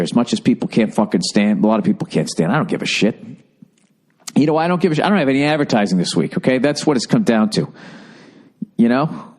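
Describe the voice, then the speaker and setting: Swearing, ranting Boston man. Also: medium pitch. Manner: ranting, sarcastic, frequent swearing. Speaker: podcast host. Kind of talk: casual monologue.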